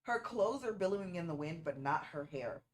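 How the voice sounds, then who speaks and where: A woman with a somewhat low voice chats casually over a movie stream. She teases her viewers playfully and picks apart small details on screen, talking into a streaming mic. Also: expressive, fairly quick. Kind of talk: casual movie-watching reaction commentary.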